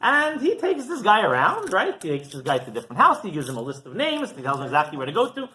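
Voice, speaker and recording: A man's voice: high voice, fast talker, a little hiss or hum. A rabbi giving a sermon as a story, chuckling often and checking in with his listeners. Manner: animated, chuckling, keeps asking "right?". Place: synagogue.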